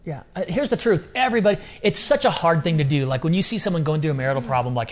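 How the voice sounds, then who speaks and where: A man talking as a podcast guest in a casual interview, animated and repeating phrases for emphasis. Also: fairly high pitch, quick pace, few pauses.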